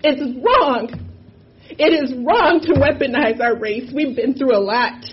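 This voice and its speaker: A woman's voice: high voice, lively intonation, a little slow, soft background music. A woman on a university board giving an impassioned, emphatic statement at a public meeting, repeating phrases for force. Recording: muffled lo-fi audio with faint background noise.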